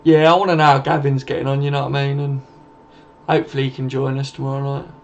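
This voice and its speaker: Over dull, lo-fi stream audio with a faint hiss, a young man hosts a late-night live stream from home. He talks fast in a medium-pitched, level voice, casually reading and replying to viewer comments and swearing without restraint.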